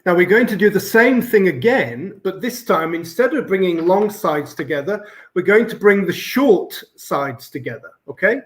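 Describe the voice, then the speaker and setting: A man's voice: high voice, animated, moderate pace, few pauses. Englishman patiently teaching origami. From England. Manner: patient step-by-step instruction. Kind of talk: live online tutorial. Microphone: video call.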